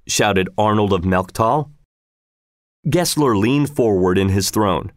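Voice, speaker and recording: A man narrating a storybook aloud in a measured, expressive way. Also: on the low side, no room sound, studio quality.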